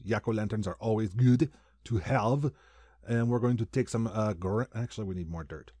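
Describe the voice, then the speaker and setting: A man's voice: lowish voice, moderate pace, dark tone, no room sound. A man hosting a Let's Play, chatting casually through his building and making silly sound effects. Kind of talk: casual gameplay commentary.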